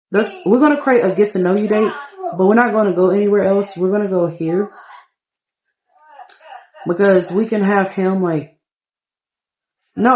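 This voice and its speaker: A woman's voice: lowish voice, darkish tone. Young female gaming streamer, chatty, a bit exasperated. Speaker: game streamer. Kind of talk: casual gameplay commentary.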